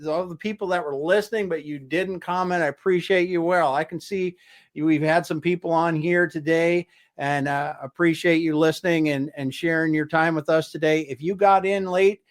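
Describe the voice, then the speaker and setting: Fairly high-voiced male show host. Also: fairly even intonation, normal speed. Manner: friendly, brief affirmations and wrap-up thanks. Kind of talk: interview hosting.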